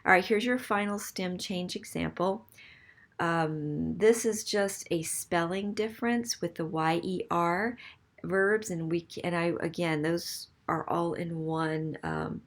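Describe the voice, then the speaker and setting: A woman's voice: lowish voice, slow. A woman teaching a recorded French grammar lesson, explaining patiently step by step and checking in with "okay?".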